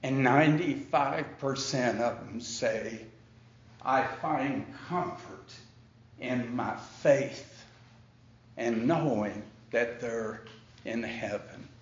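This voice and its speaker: A man preaching a sermon with slow, emphatic delivery and dramatic pauses, now and then acting out his opponents in a high, incredulous voice. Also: reverberant, dull audio. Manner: acts out the Pharisees in a high, incredulous voice. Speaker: pastor.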